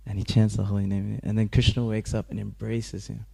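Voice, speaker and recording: A man's voice: on the low side, moderate pace, gravelly, few pauses. A man giving a casual scripture class in a temple, telling a story with lots of laughter and acted-out voices. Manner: animated storyteller, laughs often, acts out quoted voices.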